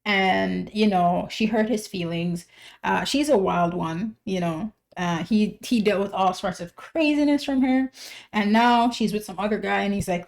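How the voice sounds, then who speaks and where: Woman with gravelly vocal fry. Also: medium pitch, unhurried. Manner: chatty, musing, full of "like" and "you know". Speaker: reaction video host. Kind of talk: casual reaction commentary.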